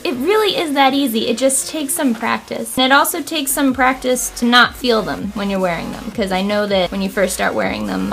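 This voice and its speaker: A woman's voice: mid-range voice, gravelly, a bit bright. A woman hosting a makeup tutorial, chatting casually and explaining each step with self-deprecating asides. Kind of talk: casual how-to talk.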